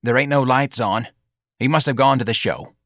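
A man voicing a hoarse, plain-spoken middle-aged woman who talks bluntly and casually. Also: mid-range voice, normal speed, fairly bright tone, dry recording, clean studio sound, pitched above the performer's own voice, close to an everyday voice.

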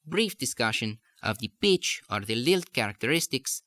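Bright, dry-voiced male dialect coach. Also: medium pitch, sing-song, no room sound. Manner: measured, demonstrates lilts while explaining. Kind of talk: accent lesson narration.

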